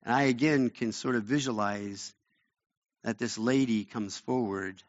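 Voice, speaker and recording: A man's voice: mid-range voice, a little slow. A male pastor preaching a sermon, retelling a Bible story in an earnest, conversational way. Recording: dull lo-fi recording.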